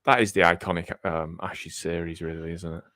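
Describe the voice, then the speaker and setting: A man's voice: deep voice, level tone, moderate pace, bright, forceful tone, dry recording, studio quality. A man co-hosting a live cricket watchalong, chatting casually and thinking aloud with frequent ums. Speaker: cricket podcast co-host.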